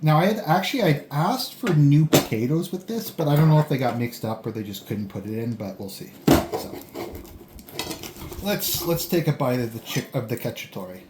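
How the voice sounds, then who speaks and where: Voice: medium pitch, animated, moderate pace, heavy background noise. Rambling food vlogger in an echoey room. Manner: rambling, thinking aloud between bites. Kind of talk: casual food-tasting vlog. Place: indoors at home, eating a delivered meal. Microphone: camera on a tripod.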